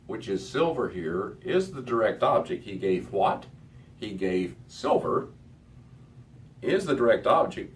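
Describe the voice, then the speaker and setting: A middle-aged man teaching a Hebrew lesson to a class, methodical and repeating words as he goes. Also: deep voice. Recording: distant mic with faint background noise.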